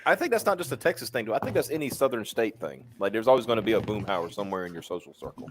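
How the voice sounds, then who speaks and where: A man's voice: lowish voice, animated, noisy background. A man hosting a live stream, chatting casually and reading out viewer donations. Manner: reads viewer donations, quick back-channel replies.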